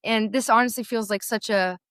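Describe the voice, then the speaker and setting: A woman hosting a podcast, affirming her guest as she gets teary. Her voice sits a little high, and the recording is close and dry. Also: steady tone, brisk, smooth, dry recording. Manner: warm, affirming, emotional. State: teary, laughing. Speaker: podcast host and sales coach. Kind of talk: casual interview conversation.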